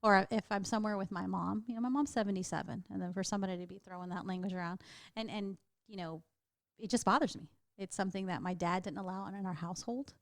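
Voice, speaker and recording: A middle-aged woman chatting as a show's co-host, telling lively stories with frequent laughter. Her voice sits at an everyday pitch for a woman. The sound is dry and close, with no room echo. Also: fast. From Texas. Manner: chatty, laughs often, animated storytelling. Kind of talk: casual chat.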